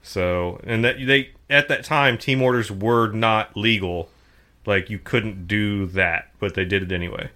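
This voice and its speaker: A man with a slightly low voice co-hosts a casual podcast, walking through the race. He talks loosely, filling pauses with ums and dropping the occasional swear. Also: bright, forceful tone. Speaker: podcast co-host. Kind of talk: casual race recap chat.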